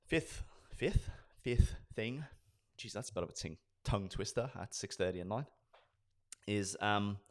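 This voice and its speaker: A man with a notably deep voice teaches sales staff how to book meetings. He talks with energy and slips into acted role-plays of client conversations. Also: a little slow. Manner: energetic, acts out sales dialogues. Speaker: sales trainer. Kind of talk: instructional talk with acted role-play.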